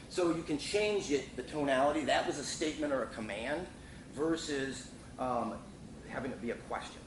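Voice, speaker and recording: A middle-aged man talks through a sales training lesson in a loose, repetitive way, full of fillers and restarts. He sits some distance from the mic in a reverberant room, with steady background noise. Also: medium pitch, a little fast. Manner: casual, repeats himself, many fillers and restarts.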